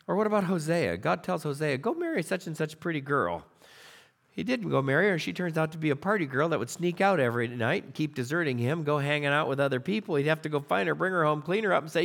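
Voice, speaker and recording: A middle-aged man preaching a sermon, retelling scripture stories with animated storytelling and acted-out voices. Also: high voice, fast talker, gravelly. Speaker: pastor.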